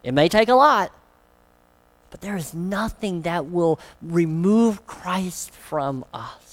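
A pastor preaching a sermon, emphatic and fond of rhetorical questions. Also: medium pitch.

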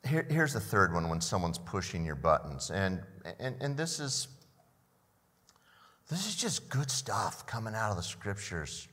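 A man's voice: on the low side, very animated, unhurried, a bit bright, big-room sound. An older man preaching a sermon as a pastor, often repeating the first words of a phrase and asking the listeners questions.

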